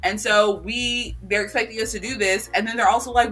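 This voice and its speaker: Podcast co-host, bright voice, sarcastic animated storytelling, faint music behind. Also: mid-range voice, brisk, slightly rough. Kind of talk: casual chat.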